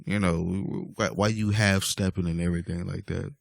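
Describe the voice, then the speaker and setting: Deep-voiced guy venting on his vlog, aave, super dry close sound, keeps going off on tangents. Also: steady tone, brisk, gravelly, no echo. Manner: exasperated, rambling with many fillers. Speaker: vlogger. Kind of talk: casual rant to camera.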